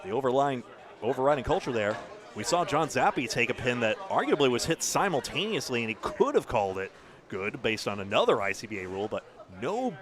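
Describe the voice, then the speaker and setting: A man with a New England accent giving chatty, animated live play-by-play of a bowling match in a bowling alley. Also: medium pitch, a little fast. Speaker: bowling commentator. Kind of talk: live sports commentary. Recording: crowd noise behind.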